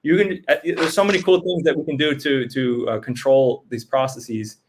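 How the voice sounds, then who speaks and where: A man's voice: mid-range voice, steady tone, normal speed, slight background noise. A man giving blunt, profane business advice in casual chat, acting out customers' quotes as he goes.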